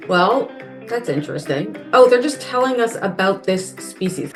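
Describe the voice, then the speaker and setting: A woman's voice: mid-range voice, expressive, moderate pace. Chatty woman co-host, faint guitar behind. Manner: earnest and chatty, thinks aloud. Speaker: podcast co-host. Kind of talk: casual chat.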